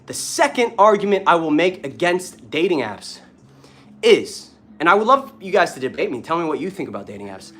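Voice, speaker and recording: A man's voice: fairly high pitch, very animated, normal speed, a bit bright. A young man talking casually and with swearing in a vlog while doing push-ups, a bit out of breath. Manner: casual, profane, talks between push-ups. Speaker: dating coach.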